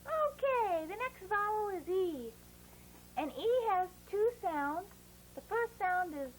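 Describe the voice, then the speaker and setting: A woman teaching children letter sounds in a phonics lesson, drawing each sound out slowly and coaxing them along. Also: very high-pitched, animated, a little hiss or hum, poor audio.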